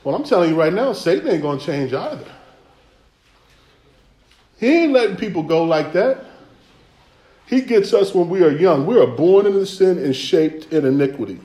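Call-and-response preacher in an echoey hall. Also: male voice, sits high, lively intonation, normal speed, pauses often, mellow. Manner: conversational, rhythmic, calls for responses. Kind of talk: sermon. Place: church sanctuary.

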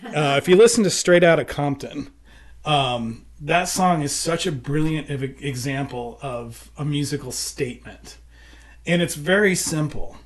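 A man's voice: fairly high pitch, expressive, unhurried. An American man talking casually about songwriting, explaining ideas and humming musical examples. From United States. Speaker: songwriter and producer. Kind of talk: casual conversation.

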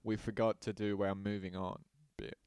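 A man's voice: lowish voice, level tone, normal speed, darkish tone, smooth, no echo, clean studio sound. A man co-hosting a comedy podcast, laid-back and sardonic, swearing casually. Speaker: podcast co-host.

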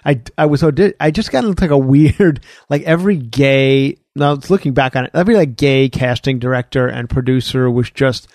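A comedian guest chatting casually on a podcast, telling rambling stories full of fillers and restarts. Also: male voice, medium pitch, brisk, hardly any pauses, darkish tone, dry recording, studio quality.

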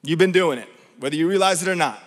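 A man preaching a sermon in an emphatic way, often checking in with his listeners with quick rhetorical questions. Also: on the high side. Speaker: pastor. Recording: long reverb from a large hall.

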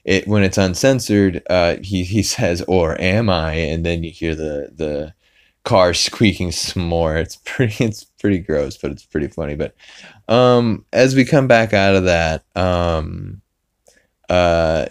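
A man with a low voice recapping an episode on a podcast. He talks casually and rambles, full of fillers and restarts. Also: unhurried, clean tone. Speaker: podcast host.

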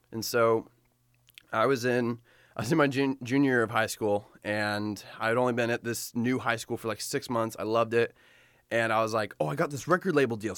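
A young man talks straight to the camera in a loose, rambling vlog style, packing his sentences with fillers and quick restarts. His pitch sits right in the middle for a man. The sound is dry and close, with almost no room around it. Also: clear, resonant tone, no room sound. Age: young adult. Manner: fast, animated, full of fillers and restarts. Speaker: photographer telling his story. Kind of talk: casual personal storytelling.

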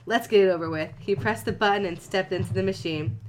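A woman with a mid-pitched voice reads a silly story aloud in a casual, joking way. She keeps stopping to crack crude jokes and swear with a friend, then goes back to the page. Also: fast talker, darkish tone. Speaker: fan fiction reader. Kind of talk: casual comedic reading with banter.

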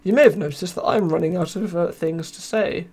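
A young adult from Britain runs a casual live podcast, rambling and mocking himself while reading chat aloud, with tiredness wearing his voice thin. He talks briskly in British English, his voice high-pitched, a little mellow, and slightly rough.

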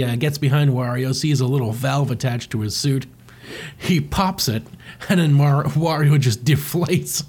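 A man's voice: medium pitch, measured pace. A man co-hosting a podcast, narrating a comic with crude jokes and frequent laughter. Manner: animated, crude, laughing often. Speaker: podcast co-host. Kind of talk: casual comedic commentary.

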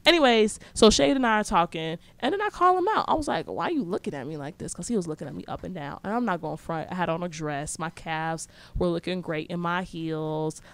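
A woman's voice: on the low side, expressive, brisk, hardly any pauses. A young woman telling a story in casual, slangy speech, blunt and sarcastic.

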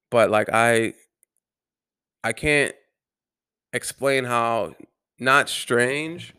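A man earnestly telling a personal story to camera, halting and restarting his words, with some swearing. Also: mid-range voice, vocal fry, bright, forceful tone. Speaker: vlogger.

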